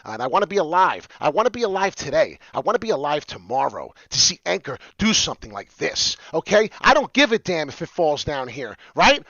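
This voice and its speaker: Brief: man, crypto streamer, bright lively preacher's bark that swings loud to hushed, dull dry mic. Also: brisk, few pauses, no room sound. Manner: swings from loud shouting to low muttering; swears often, preachy and rambling. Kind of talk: fired-up motivational rant.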